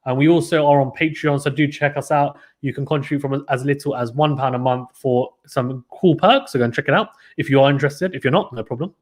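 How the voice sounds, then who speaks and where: A man's voice: medium pitch, fairly quick, few pauses. A man commentating a live tennis watchalong stream, chatting casually and reading out viewer comments between points.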